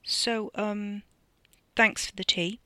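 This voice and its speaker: A reader voicing an anxious, meek young man who talks in halting, hesitant bits, in an audiobook reading. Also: mid-range voice, flat delivery, bright, forceful tone, clean tone, no room sound. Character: shaken young male driver, anxious and meek.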